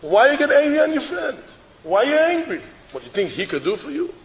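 A man, a rabbi, giving an animated storytelling sermon and repeating phrases for emphasis. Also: very high voice, quick pace, a little hiss or hum. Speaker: rabbi giving a Torah talk. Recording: echoey hall with long reverb.

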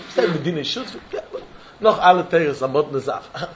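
A man giving an animated Talmud lecture, acting out both sides of a dispute in the first person. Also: a little high, normal speed, lo-fi sound, background noise. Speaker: Talmud teacher.

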